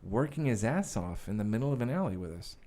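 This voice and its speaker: A man's voice: mid-range voice, big pitch swings, fast, warm tone. A man who is a guest actor and director, telling stories in a casual interview with profane, rambling speech full of fillers.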